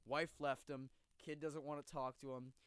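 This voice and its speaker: A man co-hosting a podcast in casual chat, retelling stories with lively energy and plenty of swearing. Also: mid-range voice, normal speed, smooth, dry recording. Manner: animated storyteller, swears freely. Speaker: podcast co-host.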